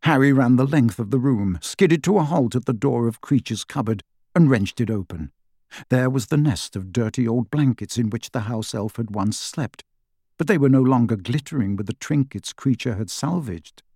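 An audiobook narrator reads a fantasy novel from a script in a measured, expressive storytelling style. His voice is medium-pitched, and the recording is dry with clean studio sound.

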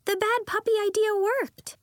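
A woman voicing an eager young shapeshifting girl in a storybook, with a bright, insistent, excitable delivery. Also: on the high side, normal speed, no room sound, clean studio sound. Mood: thrilled. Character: eager young girl who shifts into animals.

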